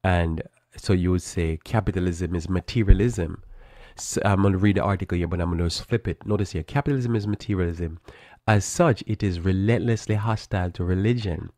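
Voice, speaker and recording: Low-voiced man musing, halting delivery. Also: a little mellow, dry recording, studio quality. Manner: halting, many fillers and restarts, stumbles over words. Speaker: church talk show host. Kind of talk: unscripted live talk reading from an article.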